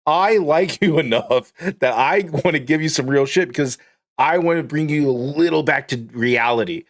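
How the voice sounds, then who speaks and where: Profane rambling male streamer. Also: on the high side. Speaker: live streamer. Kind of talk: casual live-stream chat.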